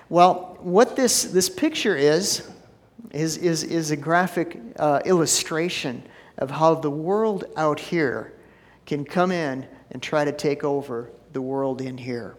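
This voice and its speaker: A man's voice: a little high, slow pace. A man preaching as pastor, folksy and chatty with frequent restarts, telling a joke and praying in a church. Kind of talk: sermon with joke and prayer. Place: church sanctuary. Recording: long church hall reverb.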